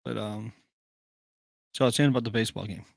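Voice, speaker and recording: A man's voice: on the low side, steady tone, quick pace, creaky, dry recording. A man co-hosting a podcast in casual chat, easygoing and agreeable, telling sports stories. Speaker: podcast co-host.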